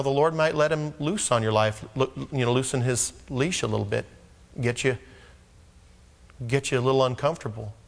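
A man's voice: mid-range voice, creaky. A man preaching a sermon in a conversational manner, acting out scripture scenes. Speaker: pastor. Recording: long echo of a large hall.

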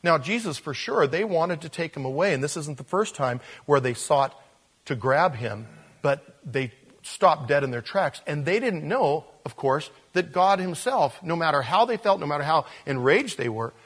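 A man's voice: a little high, lively intonation, moderate pace, a bit bright, slightly rough. A man preaching a verse-by-verse sermon as a pastor, emphatic and repeating phrases for stress.

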